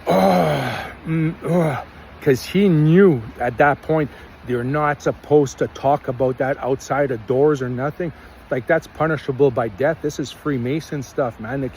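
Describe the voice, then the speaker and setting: Casting: Canadian man, mellow low-key tone, rambling first-person storyteller, faint street traffic behind. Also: low-quality recording. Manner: rambling, earnest, acts out quotes.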